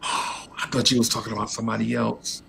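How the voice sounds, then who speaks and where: A man with a gravelly, creaky voice hosts a casual sports talk show, telling animated stories and putting on voices for the people in them. A faint hiss of background noise sits under him. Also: on the low side, fast. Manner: animated storyteller, acts out voices. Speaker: podcast host.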